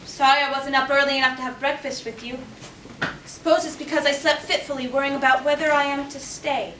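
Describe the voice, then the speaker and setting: A woman's voice: sits high, fairly even intonation, fairly quick, natural voice. An actress playing an eager, dreamy orphan girl who talks in a gushing, effusive way, in a stage play recorded from a distance. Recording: echoey hall, distant mic, faint noise.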